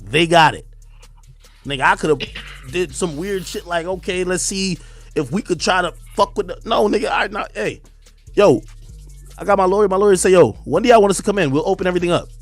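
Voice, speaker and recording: A man's voice: high voice, a little fast, soft background music. A man on a stream, ranting in a defiant, emphatic way and repeating his points. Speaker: streamer commentator. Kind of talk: heated livestream rant.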